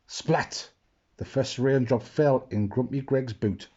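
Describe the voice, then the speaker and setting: A man slowly reading a children's picture book aloud, expressive and adding asides. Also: medium pitch, slightly rough, dull audio. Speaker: storyteller.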